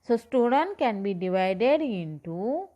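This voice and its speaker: A woman's voice: a little high, very animated, slow, mellow, dull audio. Woman teaching a lesson. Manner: repeats points, asks "okay?" and "understood, student?". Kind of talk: classroom lecture.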